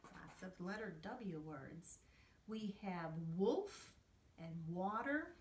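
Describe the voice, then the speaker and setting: Teacher lady talking to little kids, slow and singsongy, lots of up and down, echoey room. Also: medium pitch, big pitch swings, slight background noise. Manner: slow, sing-song, clearly enunciated. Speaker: preschool teacher. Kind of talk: remote lesson and read-aloud for young children. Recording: roomy echo, distant from mic.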